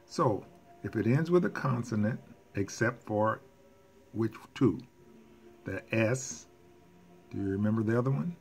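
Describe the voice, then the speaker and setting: A man teaching a recorded language lesson, explaining rules deliberately with casual asides and self-corrections. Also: fairly low pitch, expressive, vocal fry, slight background noise. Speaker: Spanish teacher.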